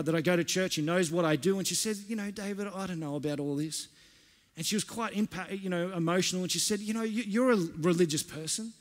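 Male pastor, high-pitched, earnest story-led sermon, long hall reverb. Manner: earnest storytelling with frequent restarts.

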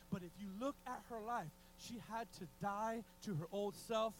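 A male preacher delivering a passionate sermon, often restarting phrases and swinging from loud bursts to hushed tones. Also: high-pitched, normal speed, a little hiss or hum, low-quality recording.

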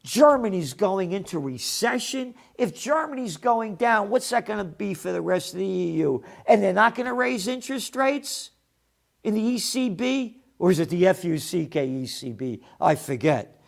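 A man's voice: high-pitched, big pitch swings, moderate pace, creaky. Combative man ranting commentary. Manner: combative, sarcastic, swears when angry. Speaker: host of a trends commentary show. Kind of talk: opinionated monologue commentary.

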